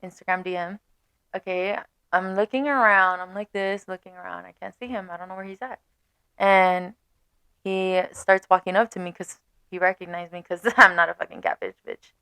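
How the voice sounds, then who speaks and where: A young woman vlogger telling a dating story in casual chat, animated and swearing, laughing often. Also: on the low side, moderate pace, smooth, no echo.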